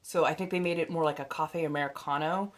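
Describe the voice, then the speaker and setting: A young adult woman talks fast in a low, steady tone. As the host and tarot reader of a casual livestream, she's chatty and blunt, swearing freely and punctuating her talk with fillers and laughs.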